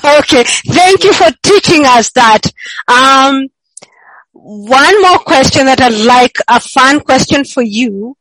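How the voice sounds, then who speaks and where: A woman's voice: high-pitched, lively intonation, takes it slowly, fairly bright tone, no echo, poor audio. A woman hosting a podcast interview, asking questions and encouraging her guest with frequent murmurs of agreement. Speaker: podcast host.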